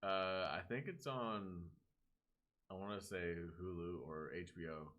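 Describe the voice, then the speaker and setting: In an unhurried, low-pitched voice, a young podcast co-host walks through a movie's story during casual chat. He's an animated teller who swears heavily and imitates the characters as he quotes them.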